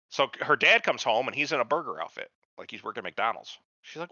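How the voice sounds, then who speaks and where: A man's voice: medium pitch, sing-song, fast talker, sharp tone, no room sound, lo-fi sound. A man in casual podcast chat, rambling and profane, acting out the voices of people he describes. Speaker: podcast host.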